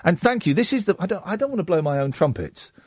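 A man's voice: high-pitched, quick pace, husky, no echo. A man, hosting a late-night radio phone-in in a chatty, self-mocking way. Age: 40s. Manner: chatty, self-mocking, lively banter with the studio team.

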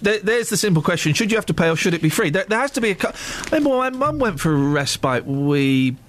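A man hosts a radio show in a studio, his pitch swinging widely as he jokes and teases. He speaks in loose, animated casual chat. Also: quick pace. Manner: animated, joking, teasing. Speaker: radio host.

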